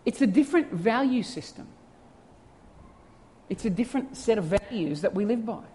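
A pastor preaching a sermon in an animated way, full of rhetorical questions and acted-out quotes. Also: mid-range voice, moderate pace. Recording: reverberant church hall sound.

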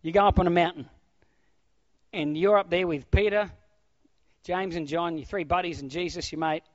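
Animated male preacher, fairly high. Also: moderate pace, no room sound. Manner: animated preaching that swings from loud exclamations to hushed near-whispers. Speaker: pastor. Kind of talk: sermon. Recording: dull, dry lo-fi sound.

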